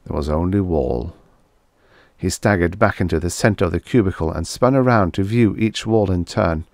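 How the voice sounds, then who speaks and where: A man narrating vintage science fiction stories in a measured, dramatic storytelling manner. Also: deep voice, darkish tone, no room sound, clean studio sound. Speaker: audiobook narrator.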